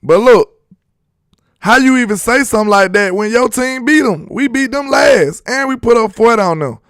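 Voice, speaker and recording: A young man hosting a sports live stream, reading chat and loudly teasing viewers with laughter. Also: extremely high pitch, lively intonation, normal speed, no room sound, clean studio sound. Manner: loud trash talk, laughing and teasing viewers. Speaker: sports channel host.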